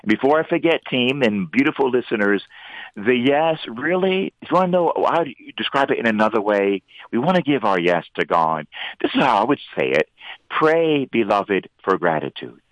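Earnest priest talking on studio radio. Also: male voice, medium pitch, normal speed, no room sound, poor audio. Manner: earnest, preacherly, swings into lively emphatic bursts. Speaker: priest and radio show regular. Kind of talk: radio talk on faith.

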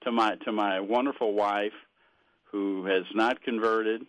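An older man with a slightly low voice speaks casually on live radio. He talks in a halting, earnest way and often stumbles and repeats words as he gives his thanks. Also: steady tone, fairly bright tone, no room sound, poor audio. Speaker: radio guest. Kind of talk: casual chat.

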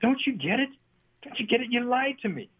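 Man doing a raised-pitch hurt girlfriend, husky, over a phone line. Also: sing-song, a little fast. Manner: pleading, wounded. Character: hurt young woman confronting her boyfriend.

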